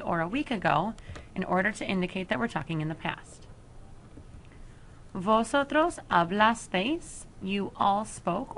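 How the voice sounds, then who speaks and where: Woman teaching a slow, careful lesson. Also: mid-range voice, slight background noise. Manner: slow, careful explanation with deliberate pauses over verb forms. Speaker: Spanish teacher. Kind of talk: recorded flipped-classroom lesson.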